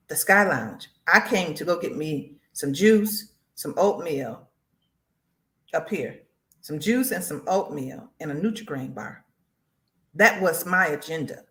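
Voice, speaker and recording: Lively woman preaching with a lower voice. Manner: animated storyteller, acts out quotes, addresses listeners as y'all. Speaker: host of a faith broadcast. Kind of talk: personal testimony, preaching to listeners.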